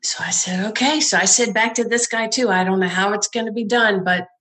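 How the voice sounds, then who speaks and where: A woman's voice: mid-range voice, steady tone, brisk, fairly bright tone. A woman who founded a nonprofit, telling her story in a conversational interview, laughing often and acting out the people she quotes.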